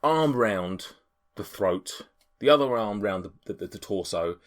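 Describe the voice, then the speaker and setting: Deep-voiced male game master. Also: expressive. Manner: halting, with many restarts and fillers. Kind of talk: narrating a tabletop game.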